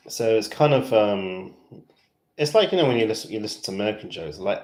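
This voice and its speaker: A man's voice: fairly low pitch, lively intonation, normal speed, long pauses, a little mellow, roomy sound. A man from West London with a British accent, chatting casually to fans on his livestream, rambling with lots of fillers. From West London, England. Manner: rambling and chatty, heavy fillers, self-amused.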